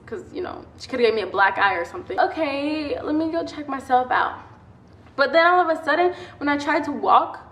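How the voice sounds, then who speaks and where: A young woman telling a personal story in a casual vlog, chatty and animated, acting out quotes and laughing often. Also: on the high side, a little hiss or hum. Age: young adult. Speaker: vlogger. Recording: echoey room.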